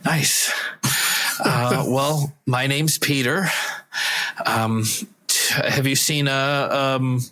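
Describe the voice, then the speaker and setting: A man's voice: medium pitch, fairly even intonation, drawn-out words, long pauses, bright, forceful tone. A man playing a confused male traveler stranded on an island, talking hesitantly with stammers in an improv comedy scene. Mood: bewildered.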